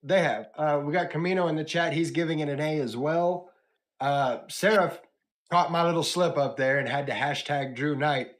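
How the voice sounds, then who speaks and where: A man hosting a casual wrestling podcast, animatedly retelling match highlights and chatting with his co-hosts. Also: normal speed. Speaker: podcast host. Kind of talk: casual wrestling recap chat.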